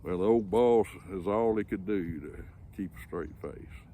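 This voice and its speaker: An older man with a low voice spins an oilfield yarn in a drawling, homespun way. He takes his time and speaks as host of his own channel. Faint birdsong and rural outdoor sound stay in the background. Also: unhurried, warm tone, a little hiss or hum. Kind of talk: folksy spoken storytelling.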